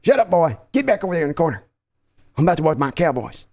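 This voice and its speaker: A man's voice: a little high, very animated, fast talker, darkish tone. A man doing an impression of a bossy, blustering older team owner who talks down to everyone.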